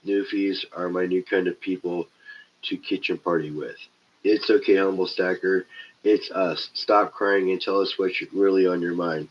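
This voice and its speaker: A man with a lowish voice and a stuffy nose hosts a casual live stream. He jokes around loosely and swears freely as he answers his viewers. The sound is dull and lo-fi. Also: fairly even intonation, moderate pace. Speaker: livestream host.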